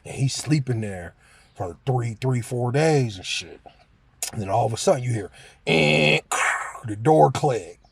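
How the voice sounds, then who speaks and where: A man's voice: medium pitch, animated, a little slow, creaky. A man telling a story in a casual, slangy monologue, full of filler phrases and laughter. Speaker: vlogger.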